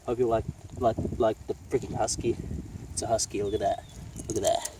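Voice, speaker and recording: A man's voice: on the low side, little pitch movement, fairly quick, background noise. A man vlogging outdoors by a lake in the rain, sniffly and getting sick, swearing freely as he scolds and coaxes his dog. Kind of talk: casual outdoor vlog talking to his dog. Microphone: phone.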